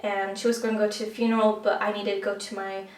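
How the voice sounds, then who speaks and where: A woman's voice: mid-range voice, flat delivery, quick pace. A woman talking as a podcast guest, telling her personal story earnestly, with many fillers and restarts. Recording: roomy, distant mic.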